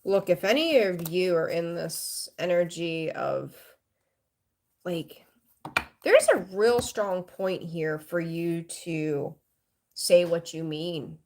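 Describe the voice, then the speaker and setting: A woman's voice: lowish voice, lively intonation, slow pace, a little mellow. A woman giving a live tarot reading in a frank, rambling way, swearing casually and greeting viewers. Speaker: tarot reader.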